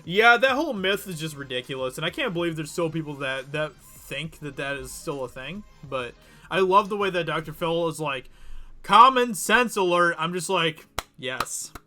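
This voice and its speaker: A man hosts a livestream, chatting casually and giggling as he answers viewers. His voice sits fairly high and bright. Faint music plays in the background. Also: moderate pace. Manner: chatty, giggly, reads chat aloud. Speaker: livestream host.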